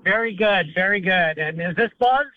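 A man's voice: high voice, moderate pace. A man, a festival volunteer, eagerly promoting an event during a phone interview. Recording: tinny phone line.

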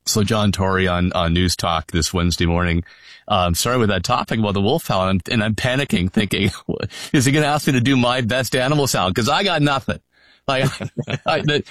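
A man's voice: medium pitch, normal speed, fairly bright tone, dry recording, studio quality. A middle-aged man, a panel guest joking about himself in casual chat. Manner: self-mocking and joking. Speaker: panel guest, former party leader.

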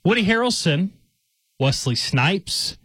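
A man reading trivia questions on a sports talk show, running through the clues briskly. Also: sits high, expressive, fairly bright tone, slightly rough, no echo, clean studio sound. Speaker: trivia quiz reader.

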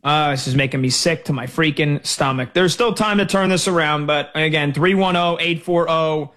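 A male sports radio host talks into a studio microphone in a somewhat high voice. He rants in an animated, exasperated way. The delivery is loose and conversational. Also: moderate pace.

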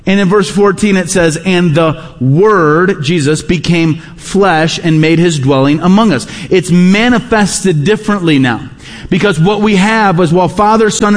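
High-voiced preacher in a reverberant hall. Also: male voice. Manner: emphatic, repeats key phrases. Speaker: pastor. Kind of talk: sermon.

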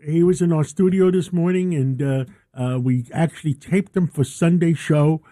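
A man's voice: a little high, moderate pace, mellow. A man hosting a talk radio show, enthusiastic and rambling, often stumbling over his words.

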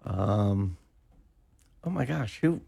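A man's voice: extremely slow, vocal fry, slightly rough, no echo. A middle-aged man co-hosting morning talk radio, chatty and reminiscing. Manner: chatty, reminiscing, animated pitch swings. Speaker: radio show co-host. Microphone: studio mic.

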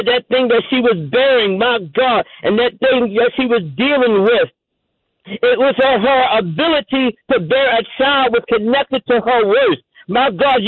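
A man's voice: very high voice, no echo. A male minister preaching a sermon, exhorting listeners and repeating my God. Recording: tinny phone-line sound, dry.

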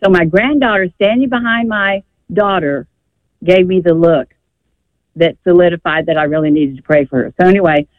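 A woman's voice: lowish voice, normal speed, no room sound. Older woman caller; rambling, emphatic storyteller; tinny phone audio. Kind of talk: call-in radio chat. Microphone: telephone.

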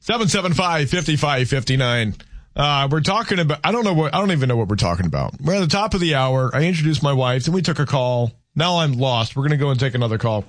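A man's voice: mid-range voice, animated, fast, no echo. A man hosting a call-in radio talk show from a studio, rambling and joking about himself in casual chat. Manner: rambling, self-deprecating, playful. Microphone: studio microphone.

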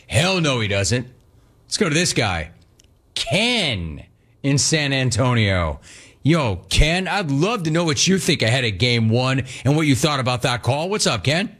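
Animated sports radio host, lively pitch. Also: male voice, unhurried. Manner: animated, mocking, repetitive emphasis.

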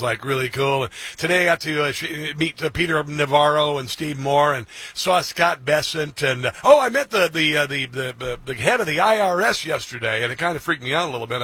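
A middle-aged man hosting talk radio, excitable and mocking, with many fillers and restarts. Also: medium pitch, breathy edge, dry recording. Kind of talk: opinionated talk radio monologue.

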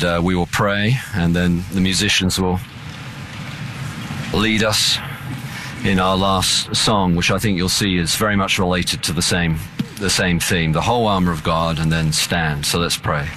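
Slow, bright-voiced male preacher. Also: low voice, a little hiss or hum. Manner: earnest, measured preaching. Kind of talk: sermon.

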